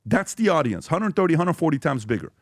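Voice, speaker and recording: A man's voice: on the high side, brisk, no echo. A man hosting a podcast in a studio, talking casually and acting out quotes he reads aloud. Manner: animated, acts out quotes and reads tweets aloud. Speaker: podcast host.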